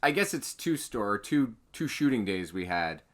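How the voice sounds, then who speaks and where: A man's voice: on the low side, moderate pace, crowd noise. A man hosting a casual podcast, recalling past shoots in an offhand way with fillers. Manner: relaxed, offhand recollection with fillers. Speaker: podcast host. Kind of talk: casual chat.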